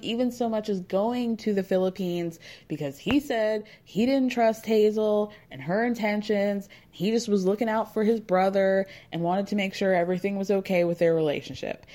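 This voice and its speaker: A woman's voice: mid-range voice, dark tone. A woman hosting a casual recap, chatty and laughing often, dropping into mock voices to quote people. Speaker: recap podcast host. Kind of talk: casual chat recapping a reality show.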